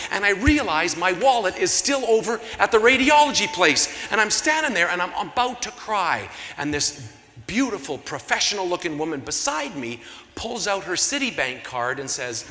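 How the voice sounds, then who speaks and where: A Canadian man hosts a gala from the stage, spinning an animated, self-mocking story in a bright, forceful voice that sits a little high. His voice rings through a big hall with a long reverb tail, and a faint hum of the room sits underneath. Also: moderate pace. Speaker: gala emcee. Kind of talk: comic storytelling to an audience. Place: large convention hall. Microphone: handheld stage mic through PA.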